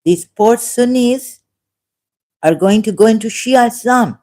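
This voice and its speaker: A woman's voice: on the high side, dark tone. A woman hosting a livestream who talks off the cuff, often stopping, correcting herself and laughing. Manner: halting, self-correcting, with frequent laughs. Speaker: livestream host. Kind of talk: unscripted livestream commentary.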